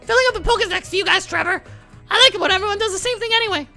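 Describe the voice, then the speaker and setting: A man voicing a cheerful, bubbly teenage girl friend in a video game, in a chirpy, quick, slightly smug way. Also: extremely high pitch, gravelly, bright, forceful tone, soft background music, voice pushed up, heavily acted.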